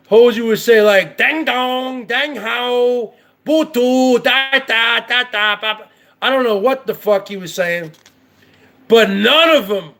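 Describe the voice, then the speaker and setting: High-voiced man ranting profanely. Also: fairly bright tone. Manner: profane, heated, repetitive. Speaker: show host. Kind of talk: ranting commentary.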